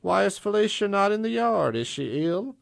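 A man playing a proud, quick-tempered woman writer in a storybook, firing off sharp retorts and pointed questions. The voice sits well above his usual pitch, with a gravelly edge. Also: sing-song, heavily acted. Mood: indignant.

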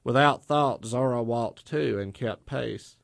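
A man narrates an audiobook story at an unhurried pace, his voice carrying a gravelly fry. The sound is dry and close, and he reads with measured deliberation. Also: mid-range voice, dry recording.

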